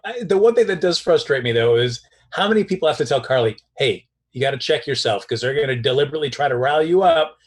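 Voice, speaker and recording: A man's voice: on the high side, animated, fast talker, few pauses. A man chatting as a soap opera recap panelist in a wry, exasperated way. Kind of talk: casual chat.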